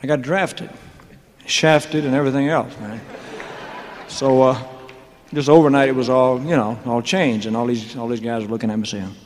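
A man's voice: mid-range voice, steady tone, moderate pace. A man rambles through his story on a concert stage, trailing into mumbled asides and wisecracks, chuckling between lines. His voice sits in a middling register and carries a long hall reverb with faint crowd noise behind. It has the loose, unscripted feel of a live performance. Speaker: singer telling his career story on stage.

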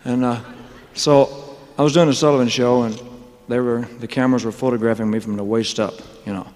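A man's voice: mid-range voice, steady tone, brisk, darkish tone. Rambling joking man on stage. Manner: rambling, joking, with laughing asides. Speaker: stage performer. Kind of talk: onstage storytelling monologue. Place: concert stage. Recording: live concert hall reverb.

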